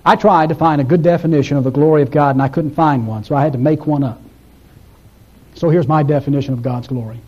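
High-voiced preacher man, mellow tone. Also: fairly even intonation, fast talker, dull audio. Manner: storytelling, rising in pitch when quoting. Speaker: pastor. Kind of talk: sermon.

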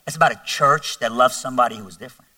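A man giving his testimony as a guest speaker in a large church, telling his story in an animated, conversational way with self-mocking humor. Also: mid-range voice, rapid-fire, no echo, far from the mic.

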